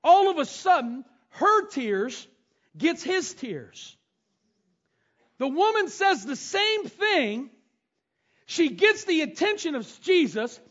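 Reading scripture and then retelling it, a middle-aged pastor weaves in family-life stories in a storytelling sermon. His extremely high, fairly bright voice swings widely in pitch, moving slowly with frequent pauses, on a dull lo-fi recording.

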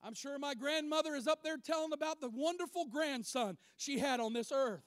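A man preaching a sermon, emphatic, swinging from loud declarations to quiet asides. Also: extremely high pitch, a little fast, dry recording.

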